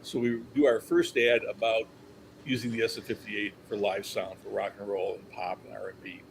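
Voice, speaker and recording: Older man telling animated industry anecdotes. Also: fairly low pitch, moderate pace, creaky, a little hiss or hum, poor audio. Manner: animated storyteller, acts out quotes, chuckles. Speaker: company historian, guest. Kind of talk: anecdotal storytelling.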